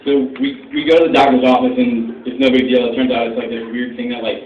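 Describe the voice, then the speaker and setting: A man's voice: mid-range voice, little pitch movement, quick pace, slight background noise. A young man from Northern Virginia telling stand-up stories to a live audience, rambling with lots of fillers and laughing at his own jokes. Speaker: stand-up comedian. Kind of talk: stand-up storytelling. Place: small venue with live audience. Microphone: phone recording from the audience. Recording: echoey, distant, muffled phone recording with crowd.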